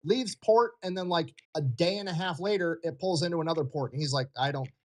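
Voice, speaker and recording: A man's voice: on the high side, a little fast. A man casually retelling a true story in a breezy, slangy way with playful asides. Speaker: storyteller in a watched video.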